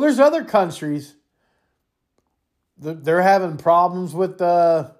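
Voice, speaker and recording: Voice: medium pitch, darkish tone. A podcast host from the United States delivering a heated political rant, angry and profane, often repeating and restarting words as they get worked up.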